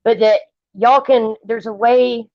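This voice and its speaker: A woman's voice: on the high side, steady tone, slow pace, no echo. A woman co-hosting a livestream in casual chat, blunt and opinionated, talking at length. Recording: dull lo-fi stream audio.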